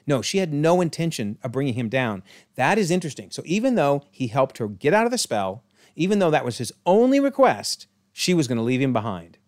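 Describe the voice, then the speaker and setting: A man's voice: medium pitch, big pitch swings, a little fast. A man giving a casual, enthusiastic episode breakdown, chatty and often correcting himself mid-sentence. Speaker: YouTube show recapper.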